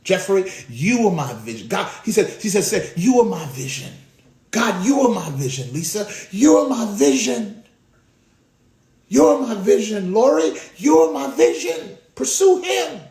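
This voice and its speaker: A man preaching a sermon as a pastor, swinging between loud bursts and hushed asides. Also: high-pitched, big pitch swings, a little slow, roomy sound.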